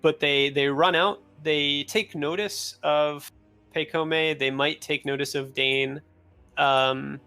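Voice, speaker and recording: Man, game master, gravelly voice, slightly high pitch, loose relaxed narration, faint music behind. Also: slow pace.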